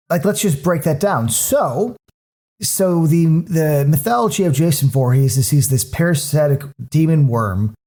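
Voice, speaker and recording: A man co-hosting a podcast in casual chat, ranting in an animated way with many restarts. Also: on the high side. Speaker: podcast co-host.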